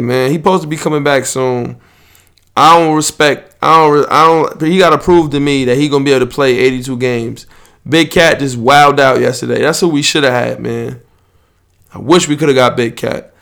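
A man's voice: medium pitch, a bit bright. A young man, hosting a podcast and rambling loosely and profanely in casual sports chat. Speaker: podcast host.

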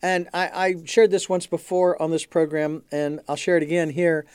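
Halting male interview host, dry sound. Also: on the high side, steady tone, a little mellow, clean tone, no room sound. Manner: halting, repeats words as he gathers his thoughts. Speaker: program host. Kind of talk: conversational interview.

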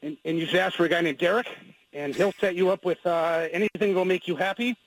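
A man's voice: high voice, steady tone, quick pace, poor audio. A man calling in to a radio show, giving local tips in a joking, playful way. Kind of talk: casual radio call-in.

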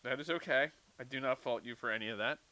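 A man from San Diego co-hosting a casual chat, easygoing and chiming in with quick asides. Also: medium pitch, sharp tone, dry recording, poor audio. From San Diego, United States. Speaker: podcast co-host.

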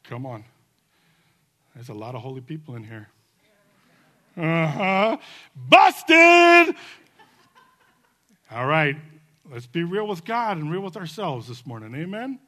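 A man's voice: medium pitch, big pitch swings, fairly quick. Fervent male pastor preaching. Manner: swings from soft pleading to loud fervent calls. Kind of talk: sermon with altar call and prayer. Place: church service.

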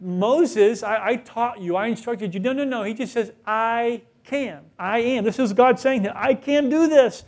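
High-voiced man preaching conversationally. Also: a little slow, few pauses, darkish tone. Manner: conversational, rhetorical questions, acts out quoted voices. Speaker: pastor. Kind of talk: sermon.

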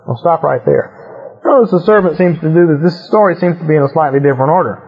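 Brief: male Bible teacher, slightly high husky voice, reads verses then chats about them; lo-fi. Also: racing. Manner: reads verses, then explains in relaxed asides. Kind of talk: scripture reading with casual commentary. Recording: muffled lo-fi recording.

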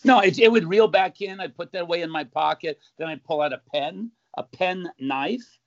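A man, a magician guest in a casual interview, telling stories and acting out accusing voices with sudden loud jumps. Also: high-pitched, normal speed. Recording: dull, muffled sound.

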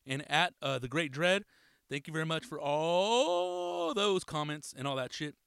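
A casual male podcast host rattling off shout-outs, cursing freely and laughing along the way. His voice sits a little high and comes across bright and forceful. The sound is dry and close. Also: measured pace, smooth, dry recording. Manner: loose, profane, laughing.

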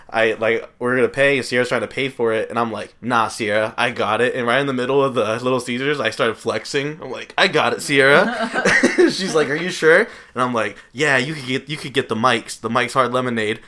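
A man's voice: mid-range voice, steady tone, fast, a bit bright. Laid-back young man telling stories. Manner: laid-back, laughs often through his stories. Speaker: podcast co-host. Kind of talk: casual storytelling chat.

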